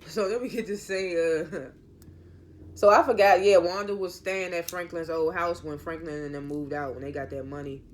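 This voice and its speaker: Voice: medium pitch, steady tone, moderate pace, a little hiss or hum. A TV show reviewer giving a casual recap in an opinionated, rambling way, often correcting themself mid-sentence.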